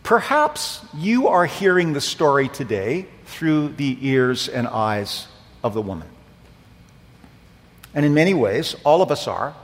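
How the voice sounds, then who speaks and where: A man's voice: mid-range voice, very animated, unhurried. A man preaching a sermon in a church, earnest, swelling on key phrases. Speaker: pastor. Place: church sanctuary. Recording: long hall reverb.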